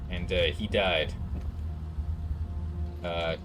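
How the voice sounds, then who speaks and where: A man commenting on his game stream in a casual, rambling way. He drifts into asides and chuckles at what he sees. His voice sits slightly low. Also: fairly even intonation, very slow, background noise. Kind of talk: let's play commentary.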